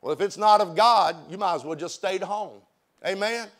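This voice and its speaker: High-voiced man preaching. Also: moderate pace, a bit bright. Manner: emphatic, repeats words and phrases. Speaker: pastor. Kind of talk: sermon. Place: church sanctuary.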